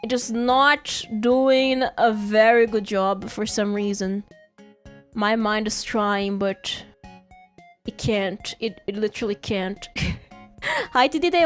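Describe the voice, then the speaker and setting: A woman's voice: medium pitch, fairly even intonation, slow, faint music behind. A woman streaming live while drawing, chatting casually and playfully, giggling and repeating phrases to herself.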